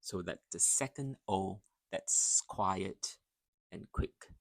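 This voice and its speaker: A man teaching English pronunciation, carefully modelling words and phrases, then pausing so learners can repeat after him. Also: fairly low pitch, expressive, dry recording, studio quality. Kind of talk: slow, deliberate pronunciation drill.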